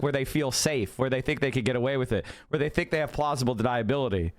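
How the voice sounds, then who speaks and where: A man's voice: medium pitch, quick pace, few pauses. A man livestreaming and talking to his chat, heated and emphatic, swearing and repeating himself for force. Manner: profane. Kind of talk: livestream commentary, reacting to chat.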